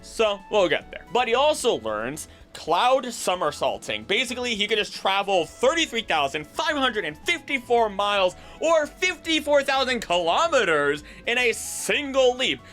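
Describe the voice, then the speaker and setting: A man hosting a video, explaining myths in an animated, jokey, tangential way. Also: sits high, moderate pace, few pauses, faint music behind. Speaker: voice actor and video host. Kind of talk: casual explanatory commentary.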